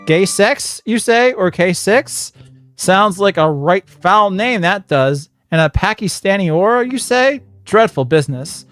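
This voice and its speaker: A man doing a loud young woman adventurer in a hammy put-on British accent, slightly high and always at full volume, full of folksy slang. She bosses her companion around like an old friend. Soft background music hums under the voice. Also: lively intonation, a little slow, no room sound. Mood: scandalised.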